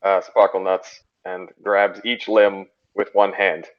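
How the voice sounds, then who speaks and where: A man with a fairly low voice narrates his character's actions in a tabletop game. His delivery is dry and deliberate. The recording sounds a little dull and lo-fi. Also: level tone. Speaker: player.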